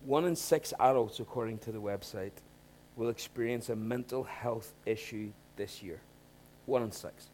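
Preacher, quiet then emphatic. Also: male voice, mid-range voice, moderate pace, slight background noise. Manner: conversational, asks the congregation rhetorical questions; frequent restarts, swings from quiet to emphatic. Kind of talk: sermon.

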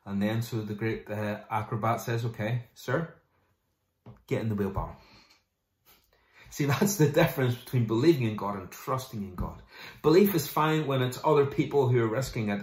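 A man's voice: medium pitch, moderate pace. Man preaching in an echoey room. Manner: animated, mimics people in quoted asides. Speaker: pastor. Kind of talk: sermon.

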